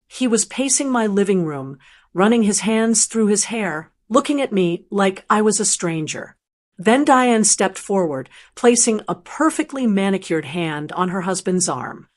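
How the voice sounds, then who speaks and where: Calm, steady older woman narrating a first-person story in an even, measured way; a scripted storytelling read. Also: mid-range voice.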